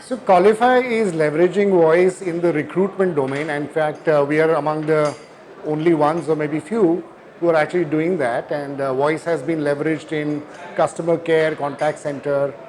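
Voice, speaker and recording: A man's voice: fairly high pitch, steady tone, normal speed, a little mellow. Hesitant man with an Indian English accent. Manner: hesitant, many fillers, earnest. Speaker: company founder, guest. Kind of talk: conference interview. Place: conference hall.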